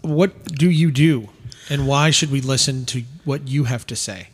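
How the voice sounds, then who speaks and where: A man's voice: mid-range voice, moderate pace, breathy edge, in a large hall. A man co-hosting a casual podcast, interviewing a guest in a joking, teasing way. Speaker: podcast co-host. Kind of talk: casual chat.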